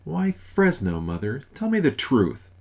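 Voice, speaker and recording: A man's voice: mid-range voice, wildly swooping pitch, unhurried, creaky, pitched above the performer's own voice, exaggerated voice. A man voicing an ancient, wrathful male god who roars, curses and makes demands. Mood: indignant. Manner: roaring, cursing, demanding.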